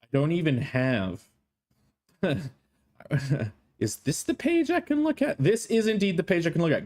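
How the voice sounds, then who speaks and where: A man's voice: medium pitch, very animated, takes it slowly, a little mellow. A male streamer with a strained throat, chatting in a playful, jokey way and swearing freely. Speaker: streamer, host. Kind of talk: casual live-stream chat.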